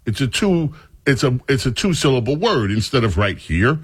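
Male talk radio host, husky and mocking, lively pitch. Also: no room sound, studio quality. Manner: mocking, animated, drawn-out words. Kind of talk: opinionated radio monologue.

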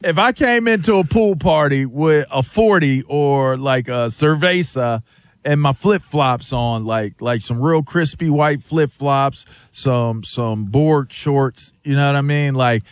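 A man co-hosting a casual sports talk show, telling animated, joking stories in slangy everyday speech. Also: medium pitch, measured pace, dry recording, clean studio sound.

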